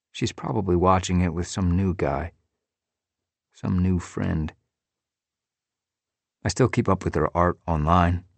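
A man reading a first-person story aloud in a measured, low-key way. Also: no room sound. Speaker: audiobook narrator. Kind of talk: first-person scripted narration.

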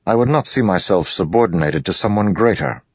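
A man voicing a wary, proud high prince who speaks skeptically and evasively, on a muffled audiobook recording. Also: expressive, fairly quick, darkish tone, dry recording. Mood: guarded. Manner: skeptical, guarded, smoothly evasive.

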